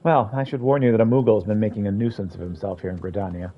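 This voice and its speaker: A man's voice: on the low side, steady tone, racing, muffled recording, a little hiss or hum, close to an everyday voice. A man voicing an older woman, a stern matron with a put-on American Southern accent, prim and formal in her scolding.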